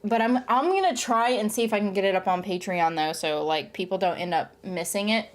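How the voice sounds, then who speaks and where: A woman's voice: mid-range voice, brisk. Rambling young woman vlogger. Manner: rambling, frequent "um" and "like", animated retelling. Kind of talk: casual chat to camera.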